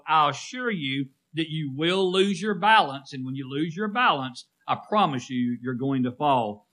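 A man's voice: a little high, bright, forceful tone. A man preaching a sermon to his congregation, emphatic and repetitive, calling on listeners by name and asking them to answer back. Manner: emphatic, repeats phrases, calls on listeners by name. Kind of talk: sermon with congregation call-and-response.

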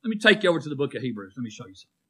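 A man's voice: mid-range voice, very animated, very fast, pushed and bright, husky. A man preaching a sermon to his congregation, emphatic and repetitive, calling on listeners by name and asking them to answer back. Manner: emphatic, repeats phrases, calls on listeners by name. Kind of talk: sermon with congregation call-and-response.

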